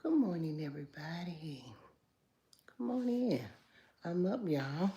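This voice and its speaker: A woman hosting a relaxed morning livestream from her home, calling out viewers by name. Her voice sits a little low and sounds mellow and warm. She chats with sass, sometimes dropping to a hushed tone so she won't wake the house. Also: unhurried, highs cut off, slight background noise. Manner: greets viewers by name, chatty and sassy; talks low at times so as not to wake the house. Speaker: livestream host. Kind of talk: casual morning livestream chat.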